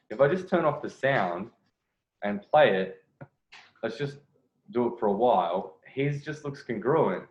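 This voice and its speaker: A man giving a dating coach's commentary on a video clip, pausing it to explain and often laughing. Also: fairly low pitch, darkish tone. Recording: roomy, dull sound.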